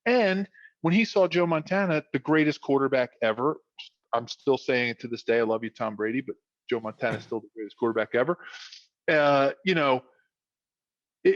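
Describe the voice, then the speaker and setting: Guest: Philly-accented man in his 50s, lively storyteller, lo-fi dry sound. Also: mid-range voice, moderate pace, dry recording. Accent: Philadelphia. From South Philadelphia. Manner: animated storyteller, frequent restarts and repetitions. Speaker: guest, former football player. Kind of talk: casual chat.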